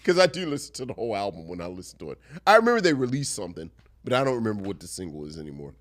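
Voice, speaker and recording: A man co-hosting a podcast from a studio, arguing his corner with playful stubbornness. His pitch swings widely, and he trips over restarts as he talks. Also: very animated, rapid-fire. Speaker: podcast co-host. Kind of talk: casual chat on a live video podcast.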